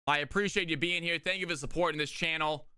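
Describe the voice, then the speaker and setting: A man casting viewer games live on his stream in an energetic, hyped-up way, recorded at home on a close desk mic. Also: a little high, quick pace, clean tone, no echo. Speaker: streamer and caster.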